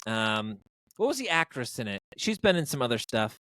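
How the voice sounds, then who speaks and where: Animated, rambling man reviewing movies. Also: medium pitch, normal speed. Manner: rambling, animated, jokey, with many fillers. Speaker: podcast co-host. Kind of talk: casual movie review chat.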